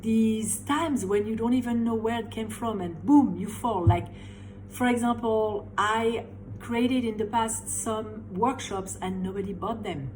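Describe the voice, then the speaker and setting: A woman's voice: on the high side, measured pace, darkish tone, a little hiss or hum, rough recording. A middle-aged woman from France with a French accent, giving an emphatic motivational talk as a life coach and stressing her key words. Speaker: life coach and tapping practitioner.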